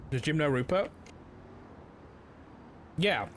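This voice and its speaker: A man's voice: fairly high pitch, sing-song, slow, a bit bright, slight background noise. A young man streaming a police roleplay game, chatting casually and rambling with lots of fillers. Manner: rambling, filler-heavy, with frequent "like".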